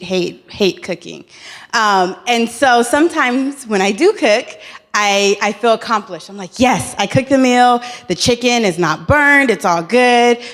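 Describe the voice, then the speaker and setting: A woman in her thirties gives a personal speech at a summit. Her delivery is earnest and candid, with light humor and the occasional restart, as she talks through lessons from her own life. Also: medium pitch. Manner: earnest, warm storytelling with humor and repeated words. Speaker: conference speaker.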